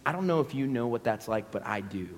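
A man's voice: medium pitch, fast talker, slight background noise. A man, a pastor preaching a storytelling sermon and acting out scenes in character voices. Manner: animated, acts out scenes in voices. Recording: long hall reverb.

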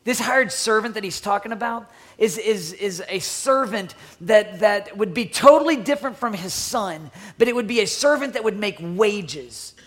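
A man preaching a sermon, swinging between loud urging and hushed near-whispers, often repeating words as he restarts phrases. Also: high voice, expressive, moderate pace. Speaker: pastor.

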